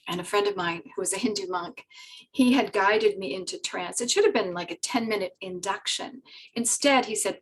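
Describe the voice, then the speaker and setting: A woman telling a personal story in an animated, rambling way, laughing often and using many fillers. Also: medium pitch, normal speed, slightly rough, far from the mic, poor audio. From Britain. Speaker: guest telling her spiritual story.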